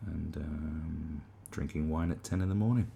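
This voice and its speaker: A man's voice: extremely low pitch, steady tone, unhurried, vocal fry, mellow, a little hiss or hum. A man delivering a sarcastic, rambling comedic monologue as the host of a commentary channel, with frequent restarts.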